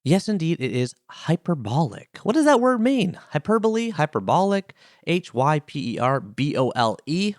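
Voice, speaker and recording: A man's voice: medium pitch, dry recording, studio quality. A man hosting a podcast, reading listener mail and musing on a word in a playful, enthusiastic way. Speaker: podcast host. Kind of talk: solo podcast segment, reading a letter and explaining a word.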